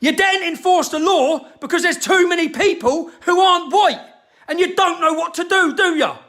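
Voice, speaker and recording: Furious high-pitched man ranting. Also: moderate pace. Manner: furious, shouting, heavy swearing. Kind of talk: angry monologue to camera.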